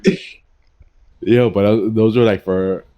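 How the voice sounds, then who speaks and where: A young man with a slightly low voice chats loosely on a podcast. He drops slang and laughs a lot, keeping everything easygoing. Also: steady tone, measured pace, warm tone. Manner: laid-back, laughs often, slangy. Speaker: podcast co-host. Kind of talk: casual chat.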